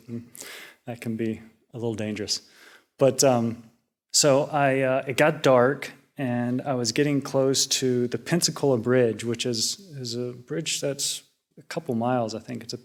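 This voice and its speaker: A young man talks through a personal story at a relaxed, rambling pace. He is a junior Buddhist monk giving a casual reflection. He often restarts his sentences and fills pauses with small hesitations. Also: medium pitch.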